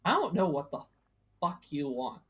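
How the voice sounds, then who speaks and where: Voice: medium pitch, very animated, moderate pace, natural voice. A tabletop player voicing a volatile female monster who eats people, confrontational and swearing heavily. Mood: bitter. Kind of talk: in-character tabletop role-play.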